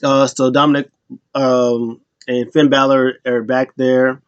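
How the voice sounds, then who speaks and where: A man's voice: mid-range voice, level tone, slow pace, smooth, no echo, dull audio. Man rambling through a wrestling recap. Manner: loose, rambling retelling that acts out quotes.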